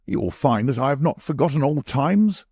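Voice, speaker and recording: A man voicing a nervous older country gentleman with a startled, gentlemanly manner. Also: medium pitch, animated, moderate pace, breathy edge, no echo, studio quality, pitched above the performer's own voice.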